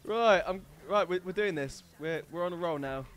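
A man doing excitable gaming commentary, laughing often, on a headset mic. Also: sits high, normal speed. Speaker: gamer.

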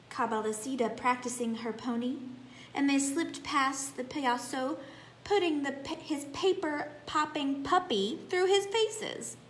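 A woman teacher reads a picture book aloud at an unhurried pace, with animated storytelling for young children. Her voice sits a little high. The room is echoey, with a faint hum behind her.

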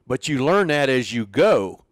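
An older man spins stories from his coaching years, slipping into the voices of the people he quotes. His pitch sits in the middle for a man, and the sound is dry and close with little room around it. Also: a little slow, no echo. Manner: animated storyteller, acts out quoted dialogue. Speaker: former pitching coach, interview guest. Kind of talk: storytelling in an interview.

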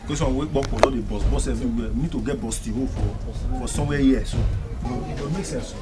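A man's voice: medium pitch, a little fast, over music, lightly acted. A man playing a rowdy Nigerian gang member. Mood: low, scheming. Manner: rough, bossy Pidgin street talk. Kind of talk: Nollywood film acting.

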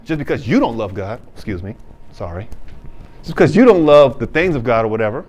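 A male pastor preaching a sermon, reading scripture slowly and then explaining it in casual, plain talk. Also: on the high side, very animated. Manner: casual informal phrasing.

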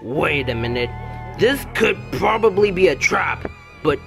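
A man's voice: a little high, very animated, measured pace, vocal fry, fairly bright tone, soft background music, full character voice. A man doing a banana-crazy gorilla. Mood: eager. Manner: eager, stammering. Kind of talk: plush toy video role-play.

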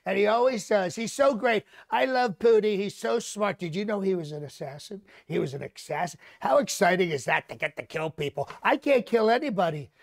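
A man's voice: high-pitched, lively intonation, a little fast, vocal fry, few pauses. A comedian playing a bragging, rambling older male politician, hosting a live mock press conference. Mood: boastful. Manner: bragging, repetitive, rambling asides.

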